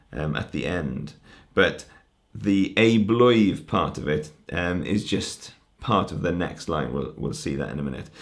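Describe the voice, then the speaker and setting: A man giving a conference talk that explains Welsh poetry, breaking words down patiently syllable by syllable. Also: deep voice. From Wales. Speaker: language teacher.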